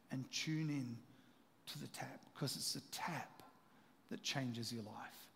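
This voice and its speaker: A man preaching a sermon, impassioned and repetitive, building to loud emphatic peaks. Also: high voice. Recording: long hall reverb.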